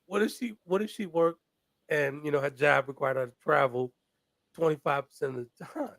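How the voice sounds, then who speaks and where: A man's voice: on the high side, normal speed, vocal fry, a bit bright, no room sound. A man co-hosting a casual live-stream talk show, laughing often and sounding incredulous. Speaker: co-host and coach.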